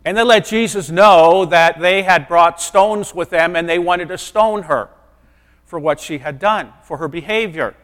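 High-voiced pastor in a reverberant hall. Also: male voice, unhurried. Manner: conversational, earnest, dropping to soft asides. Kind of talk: sermon. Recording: long reverb of a large hall.

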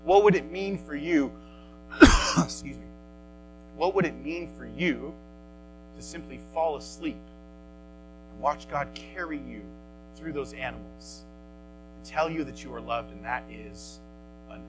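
A man preaching a sermon and leading a prayer, earnest, swinging from soft, low phrases to loud, high emphasis. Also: a little slow, pauses often, music in the background, low-quality recording. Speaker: pastor.

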